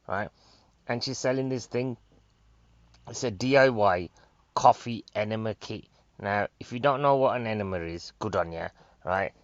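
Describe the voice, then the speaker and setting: Excitable, rambling Northern English male comic. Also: on the low side, dry recording. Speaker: stand-up comedian. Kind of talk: rambling stand-up monologue. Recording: dry, slightly dull sound.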